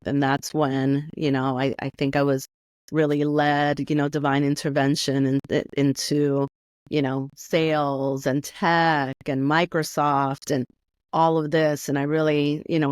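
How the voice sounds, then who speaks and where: A woman's voice: deep voice, steady tone, moderate pace, dry recording, clean studio sound. Chatty woman, filler-heavy talk. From New York, USA. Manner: chatty, many fillers like "you know" and "like"; slips into Spanish phrases. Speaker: interview guest, author. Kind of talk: casual conversational interview.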